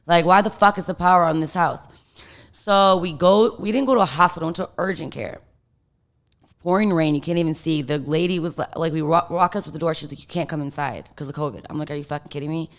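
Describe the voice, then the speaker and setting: Low-voiced woman telling a rambling story. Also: fast talker. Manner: rambling, heavy on fillers and swearing. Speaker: guest. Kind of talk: casual storytelling.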